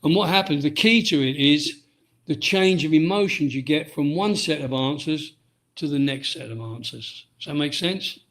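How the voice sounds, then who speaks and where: Rambling middle-aged British man, fairly high voice. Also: normal speed, a bit bright. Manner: rambling, frequent restarts and "um"s. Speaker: guest, ski instructor and author. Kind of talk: casual interview.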